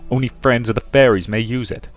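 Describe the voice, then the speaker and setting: A man voicing a wary male alchemist in a put-on American Deep South accent, grumbling and skeptical. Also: fairly even intonation, brisk, natural voice.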